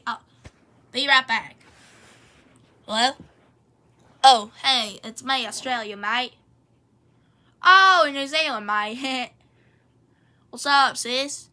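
Woman voicing chatty country character, bright and a bit high, tacks "mate" onto every line. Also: full character voice. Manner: ends nearly every sentence with "mate", rambling. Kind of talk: playful home role-play video.

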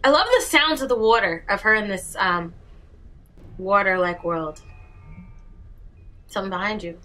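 A woman's voice: mid-range voice, animated, a little slow, pushed and bright. A woman hosting a casual reaction video, reacting aloud with gushing exclamations. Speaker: reaction channel host.

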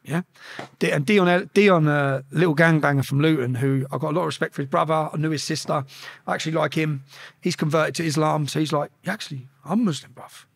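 Fast, animated man. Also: fairly high pitch, creaky. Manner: animated, profane, reenacts shouted exchanges. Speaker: podcast guest. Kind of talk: casual storytelling.

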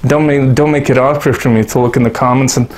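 A man's voice: medium pitch, steady tone, fast, darkish tone. A Russian-born man giving rambling, sarcastic commentary to his YouTube audience, swearing constantly and making self-mocking asides. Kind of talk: profane casual commentary to camera.

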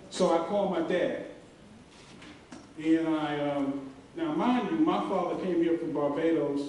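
Middle-aged male commencement speaker, dark voice, earnest and pausing, heard from afar in a very echoey hall. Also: on the high side. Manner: earnest storytelling, with many pauses and fillers. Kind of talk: graduation speech. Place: large hall. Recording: very echoey hall, voice from far off, faint hiss.

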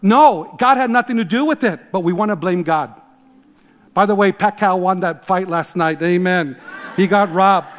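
Pastor, man in his 60s, emphatic sermon delivery, high voice, long hall reverb. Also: normal speed, a little hiss or hum. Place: church sanctuary.

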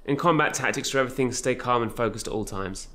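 A man voicing an old male mentor warrior who lectures briskly and a little mockingly. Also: medium pitch, bright, forceful tone, natural voice.

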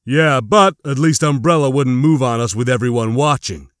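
A man voicing a gruff, burly ex-soldier who talks bluntly in short, plain phrases, recorded close and dry for an audiobook. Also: medium pitch, normal speed, fairly bright tone, dry recording, lightly acted. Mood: urging.

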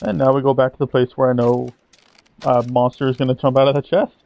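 A man's voice: medium pitch, little pitch movement, fast, creaky, no echo, muffled recording. A man commentating over his own video game playthrough, sarcastic and mock-dramatic, swearing casually. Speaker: gameplay commentator. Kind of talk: sarcastic let's-play commentary.

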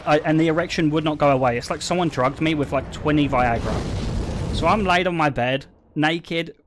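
A young man telling stories to his stream chat in a casual, animated way, swearing and laughing often. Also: fairly high pitch.

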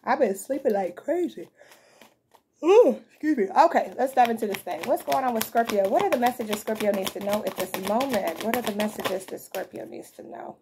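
A woman's voice: on the high side, expressive, brisk, warm tone, a little hiss or hum. A woman giving a casual, slangy tarot reading to her viewers, sounding like she just woke up. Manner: chatty, slangy, addresses viewers as y'all and fam. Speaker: tarot reader.

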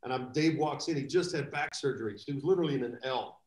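A man telling rambling, animated anecdotes as a guest in a live video chat. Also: medium pitch, fast, reverberant, rough recording. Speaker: guest drummer. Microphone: video call.

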